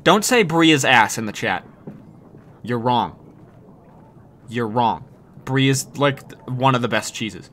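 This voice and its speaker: Bright-voiced male streamer, joking casually. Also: medium pitch, lively intonation, moderate pace, few pauses, a little hiss or hum. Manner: joking, swearing, reads game text aloud. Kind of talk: casual gameplay commentary.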